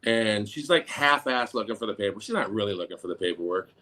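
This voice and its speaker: A middle-aged man telling a story in a casual talk. He acts out the quotes in a raised, sometimes shouting voice. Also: on the low side, expressive, fast. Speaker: podcast co-host.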